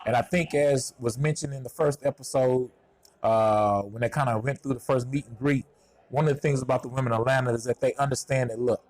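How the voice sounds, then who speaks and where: A man's voice: mid-range voice, a little mellow. A man from Houston with a Southern Texas accent talks through a casual TV review in a chatty, self-deprecating way. He is outdoors at a golf course, picked up by a clip-on mic on his shirt. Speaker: TV show reviewer.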